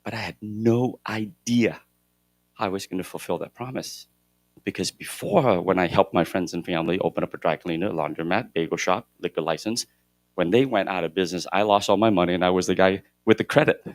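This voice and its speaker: A middle-aged man giving a motivational keynote at a conference, shifting between loud emphasis and hushed moments. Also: deep voice, brisk, no room sound, clean studio sound. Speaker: keynote speaker at a real estate conference. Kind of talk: motivational storytelling speech. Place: conference hall stage.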